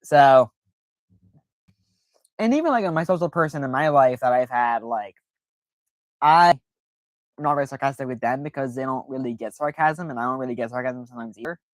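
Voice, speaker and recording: A man's voice: medium pitch, moderate pace, pauses often, no room sound. Guy rambling on his stream, lots of likes and you knows, goes big and playful sometimes, dry mic. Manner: rambling, many fillers and restarts; animated, jumps into playful exaggerated quoted voices. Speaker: livestream host. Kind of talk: casual livestream chat.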